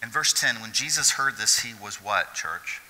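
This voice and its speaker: A man preaching a sermon as pastor, swinging from hushed asides to loud, excited preaching. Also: on the low side, moderate pace. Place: church hall. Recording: long hall reverb.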